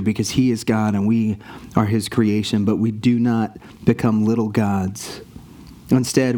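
A man preaching a sermon to his church, earnest and rising in pitch on the points he stresses. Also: a little mellow. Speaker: pastor.

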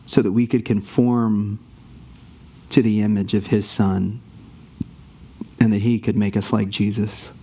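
A man preaching a sermon to his church, earnest and rising in pitch on the points he stresses. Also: dark tone. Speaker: pastor.

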